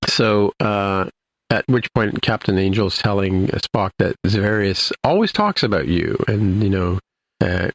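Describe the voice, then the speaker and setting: Deep voiced guy with some fry, chatty podcast recap, lots of you know and starting over. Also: lively intonation, measured pace, no room sound. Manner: rambling, full of restarts and "you know". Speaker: podcast co-host. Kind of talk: casual chat, recapping an episode.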